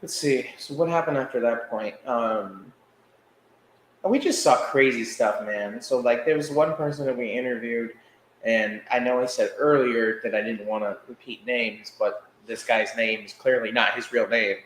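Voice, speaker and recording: A man co-hosting a podcast, telling a story in a casual, animated way and laughing as he acts out what others said. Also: mid-range voice, normal speed, a little hiss or hum. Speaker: podcast co-host. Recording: echoey room with faint ambience.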